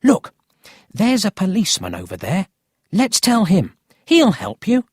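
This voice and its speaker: A narrator voicing a cheeky, excited city boy in a storybook reading. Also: mid-range voice, a little slow, slightly rough, dry recording, clean studio sound, pitched above the performer's own voice, heavily acted.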